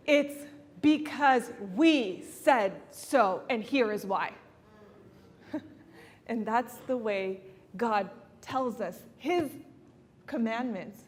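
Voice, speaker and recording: A family counselor speaking at a conference addresses a live audience in a slightly high voice, giving an earnest, persuasive talk and laughing often as she makes her points. The large hall adds long reverb, with slight background noise.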